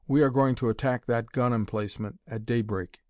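A man's voice: medium pitch, fairly even intonation, a little fast, dark tone, dry recording, lightly acted. A man reading an audiobook, voicing an eager, commanding male scientist-detective in a raised, urgent voice. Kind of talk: audiobook character voice.

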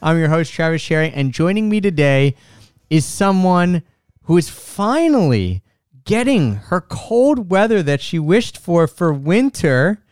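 A man hosting a casual travel podcast, chatty and upbeat, with quick restarts, recorded at home. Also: a little high, big pitch swings, darkish tone, clean tone, no echo, clean studio sound. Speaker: podcast host. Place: home room.

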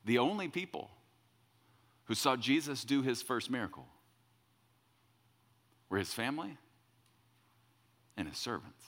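A man's voice: mid-range voice, big pitch swings, measured pace, pauses often, a bit bright, long reverb tail. A middle-aged man, a pastor, telling a story in a sermon in a loose, conversational way. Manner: conversational, repeats words when quoting himself.

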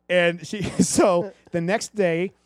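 A man's voice: high voice, drawn-out words, dry recording, clean studio sound. A man on a movie podcast, telling a childhood story in casual chat and acting out the voices of the people in it. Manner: animated storyteller who acts out voices.

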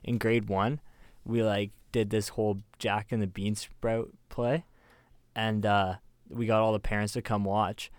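Lowish-voiced Canadian man, dry sound. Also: measured pace, smooth, no echo. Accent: Canadian English. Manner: animated, swearing storyteller. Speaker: podcast co-host. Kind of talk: casual chat.

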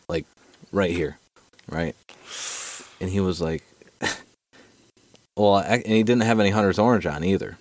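A man's voice: deep voice, normal speed, long pauses. A man casually telling a long hunting story on a podcast, swearing freely and peppering it with "dude" and "right?". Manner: profane, animated storyteller, fillers like dude and right. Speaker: podcast co-host.

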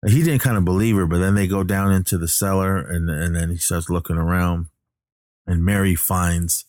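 A man's voice: sits low, fairly even intonation, normal speed, a little mellow, no room sound, studio quality. A man casually recapping a horror film, rambling and correcting himself with many fillers. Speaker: movie recapper.

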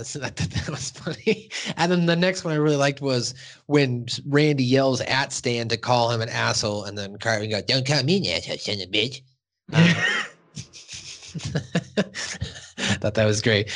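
Animated male podcast host. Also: mid-range voice, unhurried. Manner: animated, acts out cartoon voices while retelling scenes. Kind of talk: casual podcast chat.

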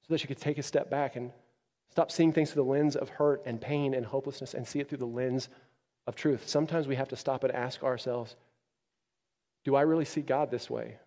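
A man's voice: steady tone, fairly quick. Impassioned male pastor in an echoey hall. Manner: impassioned, swings from loud emphatic peaks to quiet low stretches. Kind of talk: sermon. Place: church.

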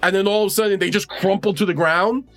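A man's voice: sits high, fairly even intonation, fast talker, a bit bright, soft background music. A man running a tabletop game as game master, describing scenes in a rambling way with many fillers.

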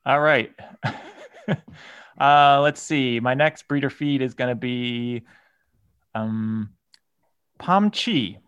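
A man's voice: mid-range voice, slow, long pauses, a bit bright, smooth, no echo. A man co-hosting a casual podcast chat, easygoing and hesitant when guessing. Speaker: podcast co-host.

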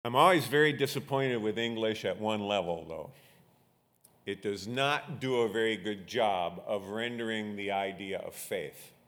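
A man's voice: lowish voice, measured pace. A man preaching a sermon as pastor, leading a prayer and explaining scripture with rising emphasis. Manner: prays quietly, then preaches with rising emphasis.

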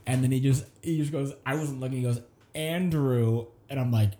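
Animated young man telling a story. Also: mid-range voice, fast talker, roomy sound. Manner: animated, acts out voices in his stories. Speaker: comedian guest. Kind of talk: casual storytelling.

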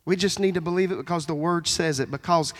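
A man preaching a folksy sermon as pastor, with a high voice. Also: quick pace. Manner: folksy preaching with Southern phrasing. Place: church sanctuary. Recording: long hall reverb in a church.

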